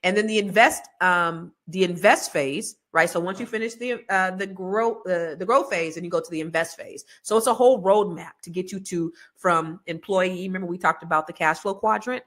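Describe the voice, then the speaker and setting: A middle-aged woman talks straight to her livestream viewers in a casual, rambling way, drifting into slangy, self-mocking asides. Her voice sits a little low for a woman. She keeps circling back to a money-course pitch with easy, loose confidence. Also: moderate pace, few pauses, fairly bright tone. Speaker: host selling a money course.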